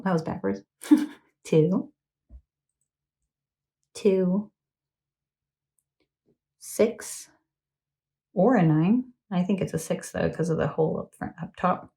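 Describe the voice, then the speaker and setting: A woman's voice: lowish voice, gravelly, dark tone. A woman giving a casual, earnest tarot reading to a phone camera, talking in a chatty way with frequent ums and a checking "okay?". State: emotional, close to tears. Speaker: tarot reader.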